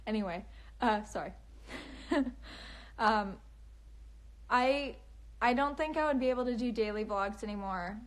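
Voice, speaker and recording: On a phone live stream, a young author with a fairly high voice rambles in a relaxed, casual way. She has a chatty valley-girl lilt, giggles often, and says "um" and "like" a lot, speaking unhurriedly with frequent pauses.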